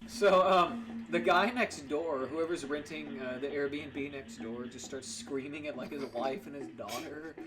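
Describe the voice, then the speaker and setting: A man co-hosting a horror game playthrough, talking casually, animated and profane. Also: fairly high pitch, a little slow, a crowd in the background. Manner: animated, profane, laughs a lot. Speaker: co-host playing a horror game. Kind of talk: casual let's-play chat.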